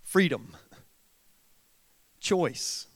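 A man's voice: fairly high pitch, expressive, extremely slow, slightly rough. A male pastor preaching a sermon to a congregation, building his points through rhetorical questions and repeated phrases. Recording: long reverb of a large hall.

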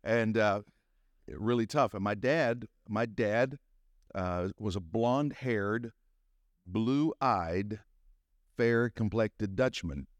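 A man's voice: fairly low pitch, slow pace, no echo, muffled recording. Folksy Southern preacher in his sixties. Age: 60s. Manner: folksy, joking, rousing call-and-response. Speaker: pastor. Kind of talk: conference sermon.

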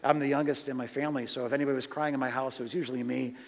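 A man preaching a sermon, swinging between loud, urgent questions and hushed, personal storytelling. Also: mid-range voice, level tone, rapid-fire, creaky. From United States. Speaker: pastor. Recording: long hall reverb.

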